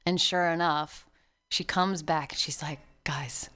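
A giggly woman from Virginia telling stories in a relaxed chat. Her voice is smooth and fairly low, with easy laughs breaking through her anecdotes. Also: a little slow. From Virginia, USA. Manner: giggly storyteller. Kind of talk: casual chat.

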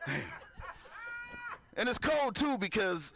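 On a comedy club stage before a live audience, a man performs stand-up in a high, very animated, fairly bright voice, speaking slowly. He talks loosely and conversationally with the crowd, laughs at his own jokes, and keeps asking them to clap.

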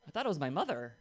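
A comedian telling bawdy stories in a stand-up set on a club stage. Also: mid-range voice. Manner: bawdy, swooping delivery with big shifts.

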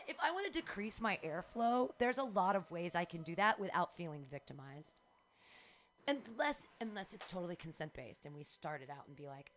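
A middle-aged woman hosting a casual chat, telling frank stories in an animated way, with faint noise behind. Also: on the low side, normal speed. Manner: candid, animated storytelling with acted quotes.

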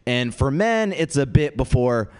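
A man's voice: medium pitch, measured pace, clean tone. A young man hosting a comedy night and doing a self-mocking stand-up set. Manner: lively, self-mocking, switches into mock voices for quoted people. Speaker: comedy show host and stand-up comic. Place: comedy venue with live audience.

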